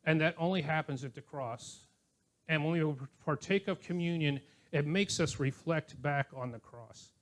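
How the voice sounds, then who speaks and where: Older man as a pastor preaching a relaxed sermon; slightly high voice, storytelling, light chuckles. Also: normal speed. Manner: conversational, anecdotal, with chuckling asides. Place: church.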